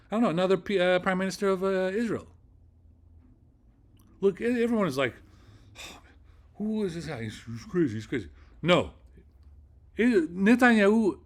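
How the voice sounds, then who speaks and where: A man hosting a casual vlog monologue, rambling with many fillers and repeating phrases for emphasis. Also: a little high. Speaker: channel host.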